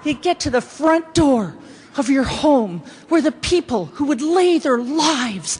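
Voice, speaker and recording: High, lively sarcastic woman comic. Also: slow, a little hiss or hum. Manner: sarcastic, animated, exclamatory storytelling. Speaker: comedian and motivational speaker. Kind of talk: stand-up keynote comedy.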